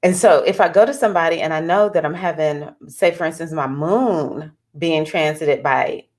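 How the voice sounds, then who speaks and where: A woman astrologer talking casually to her viewers in an animated, chatty way, with bursts of excitement. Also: sits low, normal speed. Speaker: astrologer giving readings. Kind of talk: casual talking-head vlog.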